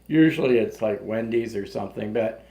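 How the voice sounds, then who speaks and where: Low gravelly-voiced man co-hosting. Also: moderate pace, warm tone, rough recording. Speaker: co-host. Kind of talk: casual livestream chat.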